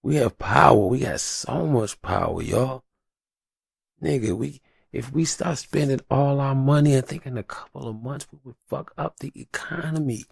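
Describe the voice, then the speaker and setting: A man's voice: mid-range voice, moderate pace, vocal fry, breathy edge, no room sound, clean studio sound. A young adult man hosting a solo podcast, talking in a heated, passionate and profane way. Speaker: podcast host.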